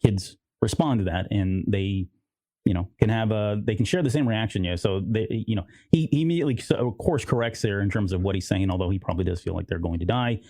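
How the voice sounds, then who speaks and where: Man, podcast co-host, lowish mellow voice, rambling casual chat, dry close mic. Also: fast talker, no echo. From United States. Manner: rambling, quotes characters in voices.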